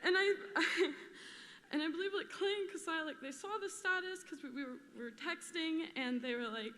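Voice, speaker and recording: A woman's voice: very high voice, moderate pace, bright, forceful tone. A young woman telling a memorial story casually, laughing often and filling with "like". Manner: laughing often, chatty with many fillers. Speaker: memorial speaker. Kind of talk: personal storytelling. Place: large theater. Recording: long reverb of a large hall.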